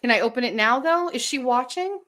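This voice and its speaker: A woman hosting a casual livestream, excitedly opening gifts and chatting to her viewers while swearing freely. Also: high-pitched, brisk. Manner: excitable, swears often, laughs and gasps. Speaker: livestream host.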